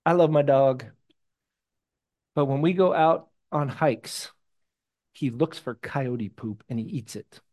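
A man preaching a sermon in a conversational, animated way, with jokey personal stories, hushed asides and sudden loud bursts. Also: mid-range voice, slow pace, pauses often. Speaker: pastor.

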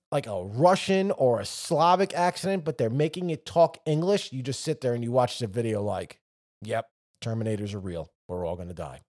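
A man co-hosting a podcast in casual chat, rambling and swearing a lot. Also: on the high side. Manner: profane, rambling, animated storytelling. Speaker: podcast co-host.

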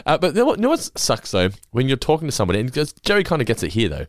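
Lively, animated man recapping a sitcom. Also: medium pitch, racing, no room sound, studio quality. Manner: animated, laughing, acts out lines in funny voices. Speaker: podcast host. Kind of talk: casual chat recapping a sitcom episode.

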